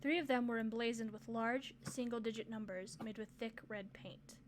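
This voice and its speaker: A woman narrating a game aloud on a stream in a steady, expressive reading. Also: on the high side, normal speed, a little hiss or hum.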